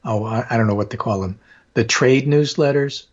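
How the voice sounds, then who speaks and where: Hoarse man talking politics, muffled sound. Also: mid-range voice, moderate pace. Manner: discursive, with frequent fillers. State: hoarse from allergies. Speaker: political talk show host. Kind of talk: casual political talk.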